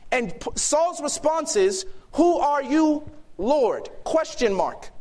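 A man preaching a sermon to a youth gathering, emphatic and shifting between loud and hushed delivery. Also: very high voice. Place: youth camp meeting hall.

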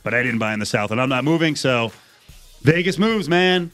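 A man hosting a radio show, chatting in a lively, excitable way. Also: mid-range voice, brisk, dry recording, faint music behind. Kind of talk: casual chat.

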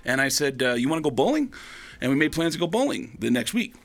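A man, a stand-up comedian, telling a long anecdote in conversation and lively acting out the voices of the people he quotes. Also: fast talker, vocal fry. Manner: animated, acts out quoted voices with big pitch jumps.

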